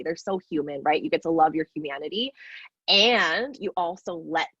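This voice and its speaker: Husky-voiced woman coaching warmly. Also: fairly low pitch, no echo, highs cut off. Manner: encouraging, emphatic, slows down to stress key phrases. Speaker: business coach. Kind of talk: live group coaching call.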